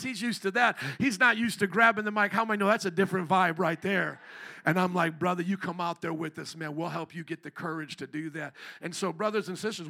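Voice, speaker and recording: A man preaching a sermon in church, telling stories and rising to fervent shouts. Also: high-pitched, gravelly. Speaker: pastor. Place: church sanctuary.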